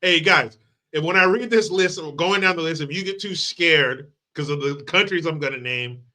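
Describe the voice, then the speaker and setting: A man's voice: a little high, normal speed, bright, forceful tone. A crude, mocking male commentary host. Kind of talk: profane political rant.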